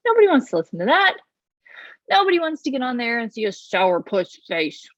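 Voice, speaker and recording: Talking loudly and quickly to the camera, this woman offers casual business-coaching advice with animated, bouncy energy and lots of hand gestures. Her voice sits a little high. The sound has no echo and is dry, slightly dull, and lo-fi.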